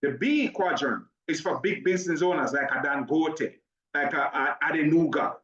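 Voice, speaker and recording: Fast-talking Jamaican man on a call. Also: fairly high pitch, roomy sound, distant mic, dull audio. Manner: talks fast when excited, upbeat and persuasive. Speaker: business opportunity presenter. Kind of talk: online sales presentation.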